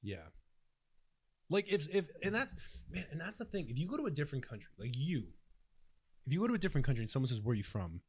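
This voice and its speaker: Young Canadian male co-host, lively swearing rant, high-ish voice. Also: fast talker, pauses often, husky. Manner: swearing, animated ranting with mock voices. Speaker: podcast co-host. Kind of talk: casual chat.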